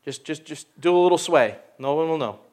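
A man's voice: fairly high pitch, expressive, a little fast, darkish tone, pitched below the performer's own voice, lightly acted. A man voicing a prim churchgoer who mumbles timidly and frets about wrinkling nice clothes. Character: prim churchgoer fussing over neat clothes.

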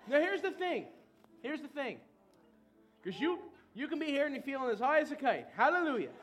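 A male pastor preaching an energetic sermon in a church, calling out to the congregation and breaking into loud whoops. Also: very high voice. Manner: shouts of woo, call and response.

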